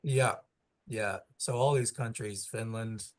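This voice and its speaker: A man's voice: on the low side, fairly even intonation, slow. A man on a casual comedy podcast, telling rambling travel stories and laughing often.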